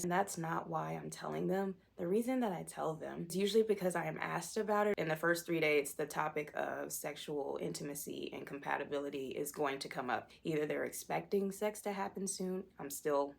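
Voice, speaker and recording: A woman's voice: sits low, a little fast, creaky, hardly any pauses. A young woman in her twenties, talking candidly about her life in a personal vlog. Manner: candid, self-deprecating, candid storytelling. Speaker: vlogger.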